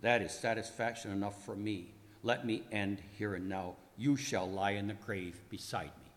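A man voicing personified Death, a gloating male figure with a booming, shrieking delivery, heard with long reverb. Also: fairly even intonation, normal speed, close to an everyday voice.

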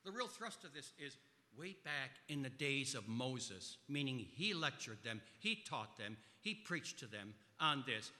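Bright-voiced preacher in a reverberant hall. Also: male voice, on the high side, lively intonation, moderate pace. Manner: emphatic, swings between loud stresses and quiet asides. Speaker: pastor. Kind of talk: sermon.

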